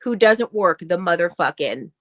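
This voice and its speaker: A woman's voice: on the low side, expressive, normal speed, dry recording. A woman co-hosting a casual talk show, ranting bluntly and swearing as she reads posts aloud. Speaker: podcast co-host. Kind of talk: casual chat.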